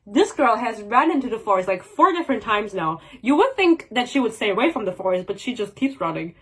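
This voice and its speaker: A woman's voice: fairly high pitch, a bit bright, low-quality recording. A young woman giving a sarcastic, swear-heavy casual book review rant, mocking characters in exaggerated voices.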